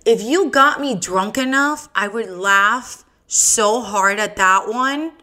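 A woman's voice: mid-range voice, takes it slowly, sharp tone. A woman hosting her own podcast, telling bawdy jokes in a giggly, self-mocking casual chat. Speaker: podcast host.

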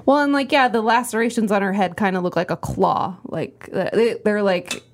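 A woman co-hosting a casual podcast chat, talking in a lively way full of "like". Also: normal speed, a little hiss or hum. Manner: lively, full of "like", jumps high in pitch. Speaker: podcast co-host.

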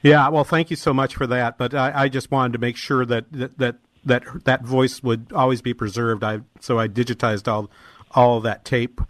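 A man's voice: medium pitch, fairly even intonation, normal speed, no room sound. Hesitant male radio host, dry studio. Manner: hesitant, many fillers and restarts. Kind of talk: casual radio interview.

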